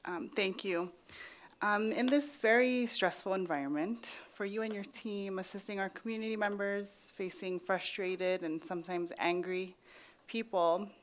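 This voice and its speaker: A woman legislator at a hearing, asking a question in a gentle, courteous way. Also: mid-range voice, fairly even intonation, unhurried.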